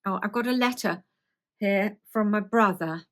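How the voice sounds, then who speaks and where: A woman's voice: mid-range voice, moderate pace, a bit bright. A woman in her seventies with a London accent, reading her own memoir aloud and breaking off into rambling, self-deprecating asides. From South East England. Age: 70s. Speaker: host.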